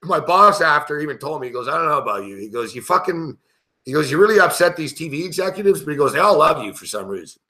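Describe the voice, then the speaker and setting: A middle-aged man hosts a sports betting show and tells brash, profane stories in casual chat. His voice is bright and forceful and sits a little high, and he laughs as he talks. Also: big pitch swings, fast.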